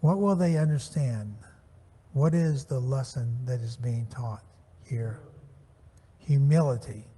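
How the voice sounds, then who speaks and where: A man teaching a Sunday Bible class, measured and slowing down to stress the scripture phrases he reads. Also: mid-range voice, dark tone, breathy edge. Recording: church hall with long reverb.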